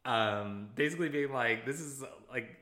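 A young man co-hosting a podcast, chatting casually and dropping wry, deadpan quips to the listeners. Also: medium pitch, moderate pace, reverberant. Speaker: podcast co-host. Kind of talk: casual chat.

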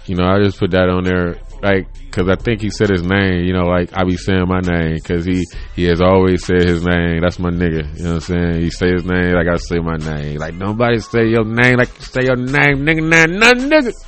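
A man in his thirties hosting his own podcast, rambling casually and profanely, laughing often and jumping from quiet mutters to loud, excited storytelling. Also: fairly quick, few pauses, clean tone, faint music behind. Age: 30s. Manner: loose and profane, laughs often, swings from low mumbles to loud excited bursts. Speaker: podcast host. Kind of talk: casual solo podcast rant. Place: bedroom home setup.

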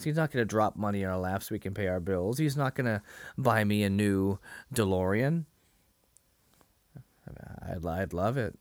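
A man co-hosting a podcast, casually recapping a TV episode and acting out the characters' lines in quick little voices. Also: lowish voice, dry recording. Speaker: podcast co-host.

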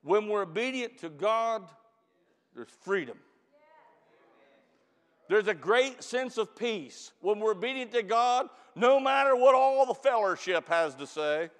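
A man preaching a camp meeting sermon as pastor. He stretches and shouts key lines to the church, then drops into quick, quiet storytelling. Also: high voice, lively intonation, long reverb tail. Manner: preaches with loud drawn-out emphasis, calls out to the church.

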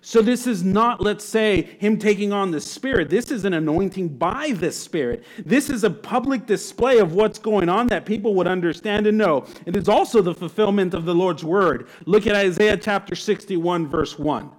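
A man's voice: high-pitched, moderate pace, few pauses. Enthusiastic pastor, a man preaching. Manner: reads scripture aloud, then expounds. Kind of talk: sermon.

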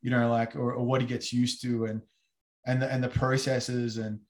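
A man with an Australian accent talks in a casual discussion, animated and full of filler words as he tells stories. His voice is mid-pitched and bounces around a roomy, echoing space. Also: moderate pace. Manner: animated storytelling with many fillers.

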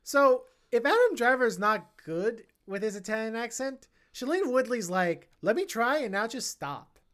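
A podcast co-host talks through a film in a casual, animated review. The speech is chatty, with lots of fillers, restarts and quick asides. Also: medium pitch.

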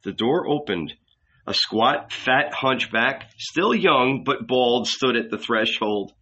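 Slow, bright-toned male narrator. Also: mid-range voice, husky, lo-fi sound. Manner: measured, dramatic narration. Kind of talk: audiobook reading.

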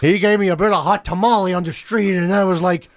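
A man's voice: high-pitched, fairly even intonation, fast, close to an everyday voice. A man voicing a brash male American tough-guy gangster with a put-on American accent, swaggering and cursing.

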